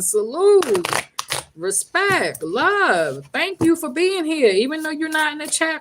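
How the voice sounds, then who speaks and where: A woman's voice: a little high, slight background noise. A woman from the Bronx with a New York accent, reading tarot from home in a brash, profane, joking live-stream chat. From Bronx, New York City. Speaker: tarot reader.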